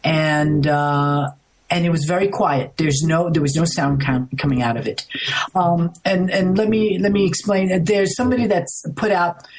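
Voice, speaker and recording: A middle-aged woman from the United States, a guest in an interview, telling a story in an animated, rambling way, restarting often. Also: lowish voice, normal speed, poor audio. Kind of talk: casual storytelling.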